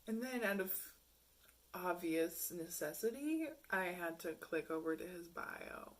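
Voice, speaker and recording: A woman's voice: lowish voice, expressive, unhurried. A young woman vlogging casually, telling frank, profane stories and mocking messages with bursts of laughter. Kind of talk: casual storytelling to camera.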